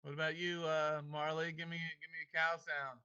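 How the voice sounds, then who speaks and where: Bright, emphatic man teaching over video call. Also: a little high, level tone, normal speed, clean tone. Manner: emphatic, playful, coaxing students. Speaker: teacher leading a devotional class. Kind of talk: online class devotional and Torah reading. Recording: muffled video-call audio.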